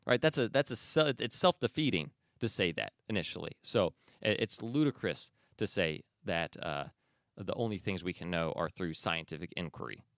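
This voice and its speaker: A male podcast host with a low, creaky, fairly bright voice speaks at a normal pace, animated and emphatic, correcting himself as he goes. He mixes casual commentary with reading aloud, and the studio-quality recording has no room sound.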